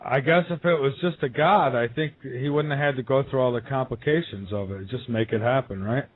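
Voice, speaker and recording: A man's voice: medium pitch, a little fast, dry recording. A male radio host chatting with a guest, agreeing in brief replies. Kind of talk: interview chat. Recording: dry, phone-like audio.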